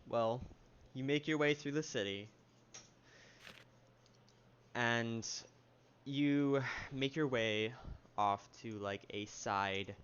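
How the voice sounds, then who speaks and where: Slow, hesitant male game master. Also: medium pitch, a bit bright, smooth, dull audio. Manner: halting, lots of fillers and restarts while describing scenes. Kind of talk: narrating a tabletop game.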